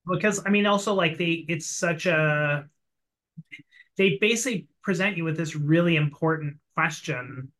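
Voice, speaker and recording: Bright-voiced, rambling man chatting. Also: a little high, moderate pace, poor audio. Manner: rambling, animated retelling with quoted voices. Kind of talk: casual chat about a comic.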